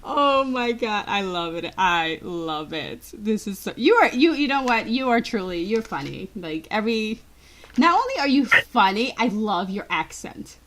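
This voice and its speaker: Gushing woman host with a lively voice. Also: mid-range voice, unhurried. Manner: gushing, giggly, lots of fillers. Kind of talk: casual interview chat.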